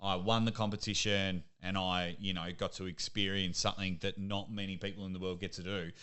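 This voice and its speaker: A young Australian man, a sports commentator, chatting casually as a podcast guest and telling lively stories. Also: low voice, fairly quick, clean tone. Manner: lively storyteller, laughs at himself. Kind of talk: casual interview chat.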